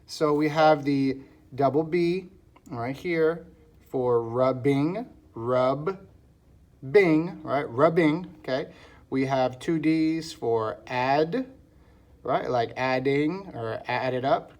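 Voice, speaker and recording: A man's voice: medium pitch, takes it slowly, a little mellow. A man teaching a phonics lesson online. He sounds out words syllable by syllable and keeps checking in with "okay, guys?".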